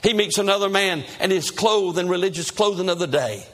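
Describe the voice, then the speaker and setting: Preacher narrating a sermon story with drama; husky, slightly high male voice. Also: fairly quick, a bit bright.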